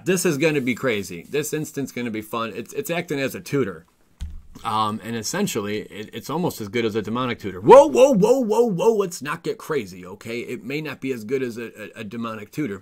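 A man who hosts a card game channel reviews new card spoilers with casual excitement, reading the card text aloud and tripping over his words. His voice sits on the low side.

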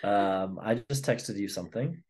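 A man's voice: fairly low pitch, normal speed, a little mellow. Dry, teasing man podcast host. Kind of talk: casual podcast chat.

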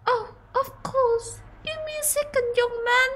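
A fragile old widow from a pixel horror game trembles through her words in a thin, raised, quavering voice, pleading and then fussing sweetly over a guest, as a woman plays her. Her voice sits far above an everyday speaking pitch. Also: fairly even intonation, measured pace, a bit bright, a little hiss or hum. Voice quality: quavering, tearful. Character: frail tearful elderly widow, gentle and polite.

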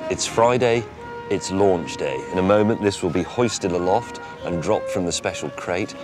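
A deep-voiced man presenting outdoors on location, talking with eager enthusiasm and a dry, self-mocking wit. Clear music plays behind him. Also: moderate pace.

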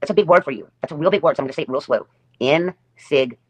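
A woman's voice: low voice, lively intonation, racing, a little mellow, breathy edge. A woman hosting her own livestream, delivering a sarcastic, taunting rant and repeating her jabs over and over. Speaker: livestream host.

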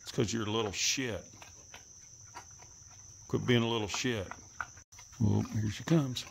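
A man talking to his animals outdoors, coaxing and teasing them, sometimes cussing and calling out in a high voice. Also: measured pace, vocal fry, long pauses, a little hiss or hum. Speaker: animal keeper filming his pets. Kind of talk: casual running commentary to animals. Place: outdoors, rural.

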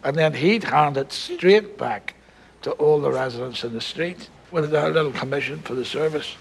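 An actor playing an older Northern Irish grandfather, gentle and wry, telling stories to his grandson. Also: on the high side, moderate pace, creaky, slight background noise, low-quality recording. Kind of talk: film drama.

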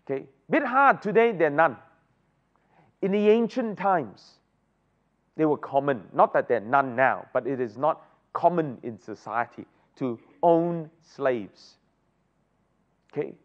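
A man teaching a Bible study, often asking the group rhetorical questions. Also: on the high side. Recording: dull lo-fi recording.

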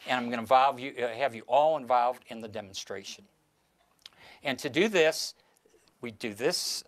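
An older man performing a magic routine for an audience, instructing his volunteers in a chatty, gently teasing way. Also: mid-range voice. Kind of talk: archival stage performance with patter.

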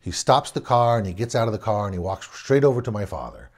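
A middle-aged man from Southern California tells an old neighborhood story off the cuff. His pitch swings up and down with the telling, and he doubles back on words and chuckles between phrases. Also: animated, quick pace. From Southern California, USA. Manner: rambling, self-correcting, chuckles as he goes. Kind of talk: casual spoken anecdote.

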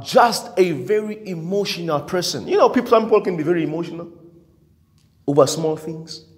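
A male pastor preaching a sermon with emphasis, repetition and frequent amens, in a church. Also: on the high side. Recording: long church hall reverb.

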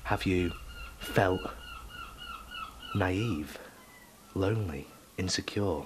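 A man playing a self-styled orb expert, talking to the camera in a hushed, conspiratorial way. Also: deep voice, lively intonation, extremely slow, background noise, exaggerated voice. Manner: hushed, conspiratorial, with sudden loud bursts. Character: mock-mystic man lecturing about orbs. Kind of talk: comic mock-documentary address.

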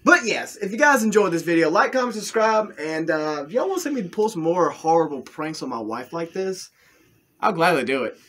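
A woman's voice: fairly low pitch, lively intonation, a little fast, fairly bright tone, slight background noise. Laughing, teasing woman vlogger. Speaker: channel host. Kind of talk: casual vlog chat.

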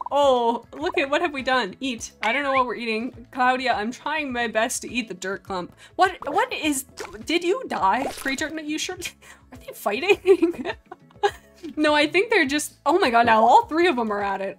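A young woman streaming a game, chatting casually and excitably, gasping, giggling and speaking for her virtual pets. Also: sits high, moderate pace, soft background music. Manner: excitable, giggly, gasping, voices the pets' thoughts. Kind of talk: casual gameplay commentary.

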